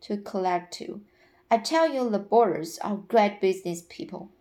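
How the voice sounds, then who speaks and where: A woman reading aloud and voicing a lively, curious little boy who asks questions insistently. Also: medium pitch, moderate pace, lightly acted. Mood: eager.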